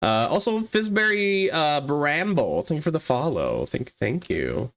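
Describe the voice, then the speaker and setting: A livestreamer and 3D artist in casual chat who laughs often, swears freely and jumps up in pitch when excited. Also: measured pace.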